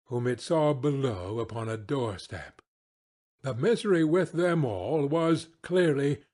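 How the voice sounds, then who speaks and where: A man narrates a classic ghost story for English learners at a slow, careful pace. His voice is husky and a little breathy, with a middling pitch. The reading is measured and scripted. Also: darkish tone.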